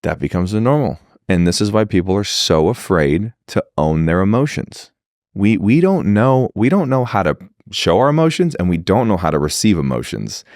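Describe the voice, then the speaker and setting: A man with a fairly low voice talks as a podcast guest, blunt and animated, with a lot of rise and fall in his speech. He swears freely and slips into acting out other people's words. The sound is dry and close, with no room echo. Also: moderate pace. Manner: animated, acts out quoted dialogue, swears freely. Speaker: podcast guest, leadership mentor. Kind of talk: casual podcast conversation.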